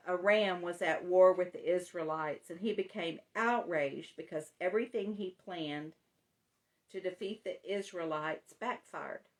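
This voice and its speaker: Woman giving a casual devotional, low-pitched. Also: poor audio. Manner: warm-hearted, self-deprecating, reads scripture aloud with emphasis. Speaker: devotional host.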